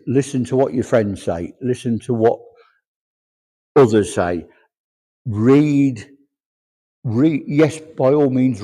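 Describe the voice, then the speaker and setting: Husky, low-voiced man. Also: mellow. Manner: chatty, conversational, often quoting messages aloud. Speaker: medium. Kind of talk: relaying spirit messages at a church service.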